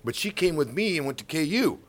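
Middle-aged male sports commentator, interview storytelling, animated, stumbles and repeats when excited. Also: fairly high pitch, fairly quick. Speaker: baseball color commentator.

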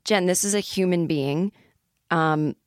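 A woman's voice: on the low side, measured pace, dry recording, clean studio sound. A woman in her forties hosting a comedy podcast, talking in a chatty, rambling, self-deprecating monologue.

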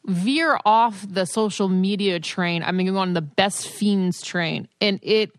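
A young woman co-hosting a podcast, telling stories in a lively, self-mocking way. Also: mid-range voice, a little slow, clean tone, no room sound, studio quality. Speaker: podcast co-host. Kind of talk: casual chat.

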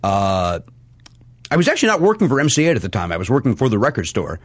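Male podcast guest, lively storyteller, self-deprecating, very expressive pitch, dry close sound. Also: quick pace, breathy edge, no echo. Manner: animated, self-deprecating, many restarts and fillers. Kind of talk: casual storytelling.

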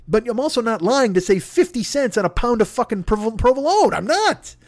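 In an extremely high, very animated voice, a little fast, a podcast host fires off a comedic rant in exasperated bursts laced with profanity. The podcast microphone yields a dry, studio-quality recording.

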